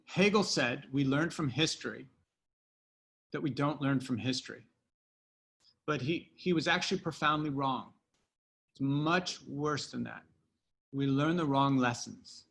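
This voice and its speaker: A man who wrote a book, from the United States, answering at length in an interview with emphatic pauses and restarts. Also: medium pitch, vocal fry, a bit bright. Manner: emphatic, drawn-out, many restarts. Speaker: podcast guest, author.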